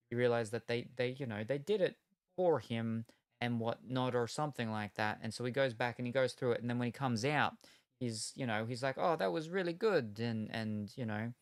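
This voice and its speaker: A man's voice: medium pitch, dry recording. This is a man in the middle of a laid-back card-opening stream, talking in loose, wandering retellings that circle back on themselves. His voice sits in an ordinary middle register. The sound is close and dry, with no room around it. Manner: rambling, meandering retelling with many hedges. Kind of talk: casual chat while opening cards.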